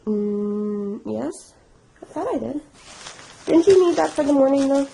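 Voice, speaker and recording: A woman's voice: high-pitched, expressive, a little slow, gravelly, mellow, a little hiss or hum, poor audio. Giggly young woman vlogging. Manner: giggly, chatty, baby-talk to pets. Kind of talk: casual couple vlog chat.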